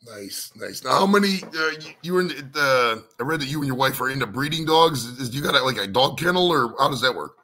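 A man's voice: mid-range voice, animated, a little fast, few pauses, sharp tone. A man hosting a casual interview, asking loose, rambling questions full of fillers. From United States. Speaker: podcast host.

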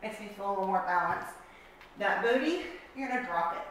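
A woman's voice: mid-range voice, expressive, brisk, a bit bright, slight background noise. A woman fitness coach guiding a workout class, counting reps aloud and giving encouraging cues. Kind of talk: guided workout instruction. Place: fitness studio. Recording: echoey room, voice from far off.

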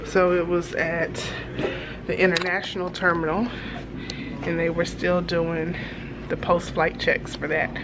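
Casting note: 30s Texan woman, lilt, lower pitch, chatty flight-attendant vlogger, recorded on a noisy handheld camera. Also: measured pace. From Texas. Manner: chatty, storytelling, animated asides to viewers. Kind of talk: casual vlog chat. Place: hotel hallway and room. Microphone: handheld compact camera.

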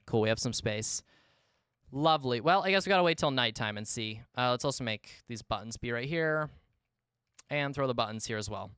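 A male streamer giving casual live gameplay commentary from his room, talking to himself and chat, swinging between exasperated yelps and low mumbling. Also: pushed and bright, clean tone, dry recording, studio quality.

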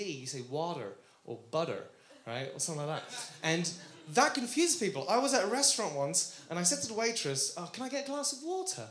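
A man from France with a British accent performing a stand-up comedy set, shouting his punchlines. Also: sits high. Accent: British English. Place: comedy club with audience. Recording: roomy live club recording with audience noise.

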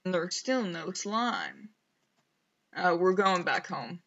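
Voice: mid-range voice, big pitch swings, slow, bright, forceful tone, muffled recording. A streamer rambling casually over gameplay, mumbling to themself and poking fun at themself, on a headset mic. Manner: self-mocking.

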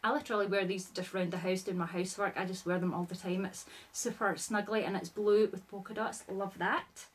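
A woman's voice: mid-range voice, fairly even intonation, brisk, few pauses, slightly rough. A woman, chatting casually as a vlogger and gushing with lots of fillers. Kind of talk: casual chat.

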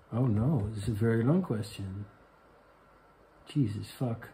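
A man's voice: fairly low pitch, warm tone. Crude Dutch-accented man hosting a comedy vlog. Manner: crude, rambling and halting. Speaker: host. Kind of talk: comedic vlog, reading viewer questions.

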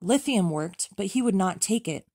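A woman reading a memoir aloud as an audiobook, in a measured, steady way with even pauses. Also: mid-range voice, no echo, studio quality. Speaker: audiobook reader.

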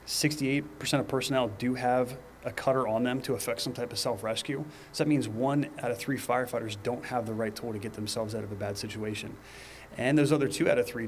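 Man in his 30s, training presenter; earnest, measured, flat-toned delivery over faint background hiss. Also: medium pitch. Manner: earnest, personal storytelling with pauses and restarts. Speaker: fire department lieutenant presenter.

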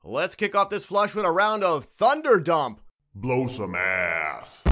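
A man hosting a comedy podcast, joking around, laughing loudly and calling out names. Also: a little high, slight background noise. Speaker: podcast host.

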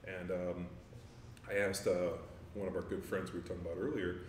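A man's voice: low voice, level tone, a little fast, slight background noise. A man, a former pro lineman, telling stories in a casual interview, laid-back and rambling with lots of fillers and swearing. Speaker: guest, former NFL offensive lineman. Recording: roomy, distant mic with faint ambience.

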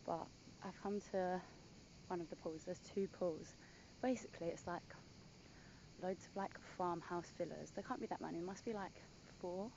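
A young woman chatting excitedly in a casual travel vlog outdoors at a villa, gushing and full of "like". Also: fairly low pitch, moderate pace, gravelly, lo-fi sound, slight background noise. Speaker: vlogger.

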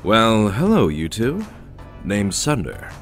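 A man's voice: fairly low pitch, huge pitch swings, slow, faint music behind, exaggerated voice. Sunder, a cocky flirtatious sword-man. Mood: flirty. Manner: smooth, teasing, self-admiring. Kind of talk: video game voice acting.

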